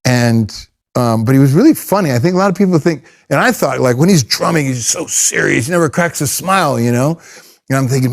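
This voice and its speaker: A middle-aged professional drummer swaps casual stories in an interview, his medium-pitched, slightly creaky voice moving a little fast. He rambles animatedly and often restarts his sentences.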